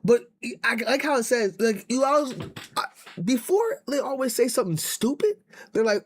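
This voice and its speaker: A man's voice: extremely high pitch, expressive, normal speed, long pauses. A man streaming and reacting, ranting in casual chat with many restarts and rambling asides.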